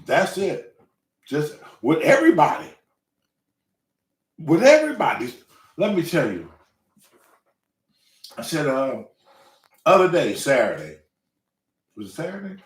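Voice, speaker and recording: A man rants through a story in a loose, profane monologue, his voice jumping high and low as he works himself up. He sits a little back from the mic in an echoey room, and his pitch sits somewhat high for a man. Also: unhurried, long pauses, far from the mic. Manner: profane, ranting, animated storyteller. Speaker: show host. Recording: roomy, away from the mic.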